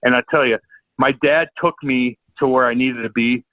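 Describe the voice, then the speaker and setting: This man's mid-range voice holds a fairly even intonation at normal speed as he chats casually and tells stories. He's an ex-enforcer from St. Louis, USA, guesting on a podcast, profane and rambling with stammered repeats. Sound is phone-quality and dry, lacking any room tone.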